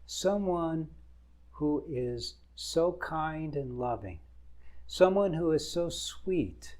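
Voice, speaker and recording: Marriage coach, older male, unhurried delivery, emphatic advice to camera. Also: a little high, darkish tone. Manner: earnest, emphatic lists.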